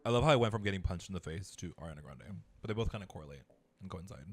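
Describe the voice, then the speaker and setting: Low-voiced, fast-talking man chatting. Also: expressive, slightly rough. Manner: chatty storyteller, filler-heavy. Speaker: podcast co-host. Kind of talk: casual chat.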